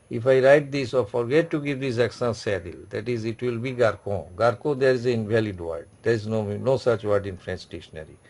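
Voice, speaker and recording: Gravelly-voiced man teaching a class. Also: mid-range voice, darkish tone. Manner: repetitive, explains slowly with many restarts. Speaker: French teacher. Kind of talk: classroom lecture.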